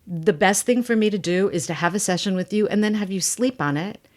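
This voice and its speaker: A woman acting coach, a guest on a podcast, talking emphatically and bluntly in animated stretches. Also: medium pitch, brisk. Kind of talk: podcast interview.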